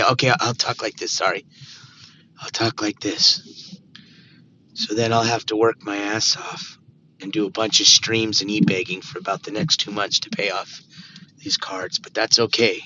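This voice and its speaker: A man live-streaming while he drives, chatting loosely to his viewers and to himself through a Bluetooth mic in the car. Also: fairly low pitch. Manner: rambling, talks to himself and chat, playful nonsense words. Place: inside a car. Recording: dull lo-fi stream audio with road noise.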